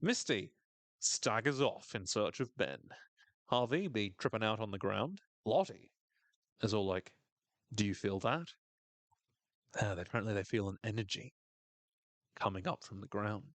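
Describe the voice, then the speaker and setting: A man's voice: lowish voice, lively intonation, normal speed, pauses often, no echo. Dry-humored male podcast host. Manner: dry, wry humor, reads quotes in a voice. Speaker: podcast co-host recapping a TV episode. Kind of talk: casual podcast recap.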